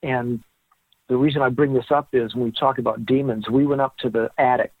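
A man's voice: medium pitch, fairly quick, dry recording. Man telling a ghost story over a phone-like line. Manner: animated storyteller who acts out the dialogue. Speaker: guest author. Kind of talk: storytelling in a podcast interview. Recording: tinny phone-like line, dry.

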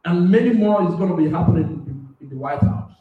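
A man preaching a sermon on a radio platform, swinging between loud shouting and soft asides and laughing often. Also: a little high, expressive, a little fast, very echoey, distant mic, narrow, tinny audio.

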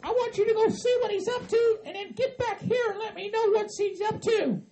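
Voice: extremely high pitch, a little fast, mellow, a little hiss or hum, poor audio. A performer voicing a bossy, fed-up hillbilly woman with a Southern drawl in a comedy skit. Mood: commanding.

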